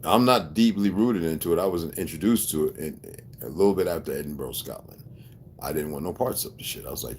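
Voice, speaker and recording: Deep-voiced man in a profane, emphatic rant. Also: fairly quick, darkish tone, slight background noise. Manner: often asks listeners if they follow. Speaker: video blogger. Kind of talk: rambling personal monologue.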